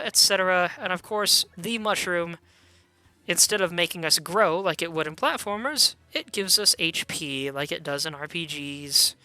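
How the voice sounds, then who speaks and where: A man's voice: high-pitched, sharp tone, clear, resonant tone, no room sound. A man casually commentating a video game stream, chatty with meandering asides.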